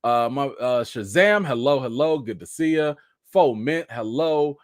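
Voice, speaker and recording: Lively man hosting a live chat. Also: medium pitch, a little slow, dry recording, studio quality. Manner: animated, greets viewers one by one; laughing, chatty storytelling. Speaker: livestream host.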